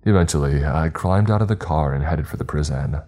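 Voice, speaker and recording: A man reading a first-person horror story in a measured, grave storytelling manner. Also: rumbling low, mellow. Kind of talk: scripted horror narration. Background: faint background music.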